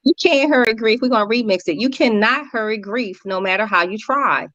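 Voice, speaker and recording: A woman guest counselor talking earnestly in an interview, telling stories with lively repetitions. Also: on the high side, a little fast, no echo. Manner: earnest, animated storytelling with repetitions. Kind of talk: conversational interview talk. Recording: dry, dull lo-fi audio.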